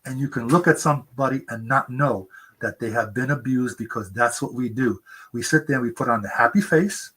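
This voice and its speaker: A man's voice: fairly quick, fairly bright tone, breathy edge, low-quality recording. A seventy-year-old man, an author, telling earnest stories in an interview and acting out quoted people in a raised voice. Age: 70s. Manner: earnest storyteller, acts out quotes in a high voice. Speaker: author guest. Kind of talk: conversational interview. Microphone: remote interview mic.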